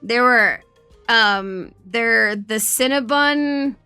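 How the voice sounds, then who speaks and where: A young woman streamer in casual chat, swearing often and rambling through animated stories. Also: fairly high pitch, drawn-out words, clear, resonant tone, dry recording, soft background music.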